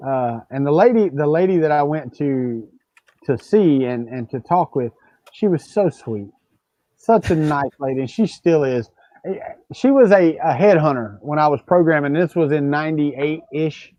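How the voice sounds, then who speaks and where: A man's voice: on the high side, expressive, moderate pace, dark tone, no room sound, highs cut off. A man co-hosting a livestream chat, joking and telling stories with lots of restarts. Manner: joking, storytelling with repeated restarts. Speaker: livestream co-host. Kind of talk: casual chat.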